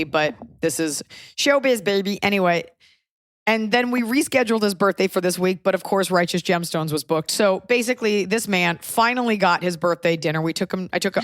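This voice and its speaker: A woman's voice: lowish voice, dry recording, clean studio sound. A woman in her thirties hosting a casual podcast, telling rambling stories in a wry way. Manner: wry, rambling storytelling with put-on voices. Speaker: comedian and podcast host.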